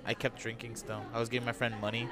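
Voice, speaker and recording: A man's voice: medium pitch, little pitch movement, fast, over music. A man talking as a podcast guest in casual chat, laid-back, swearing a lot and laughing at himself.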